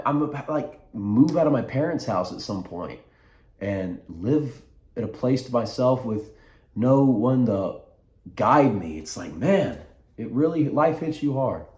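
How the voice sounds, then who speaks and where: A man's voice: mid-range voice, lively intonation, a little slow, a little mellow. A young man in his twenties talking to camera in a rambling, reflective vlog, often stopping to restart his sentences. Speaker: vlogger. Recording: echoey room.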